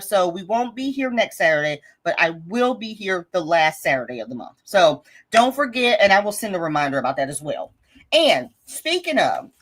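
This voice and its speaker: A woman hosting a live budgeting stream, chatting casually and reading viewer comments aloud in an upbeat, encouraging way, laughing often. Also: mid-range voice.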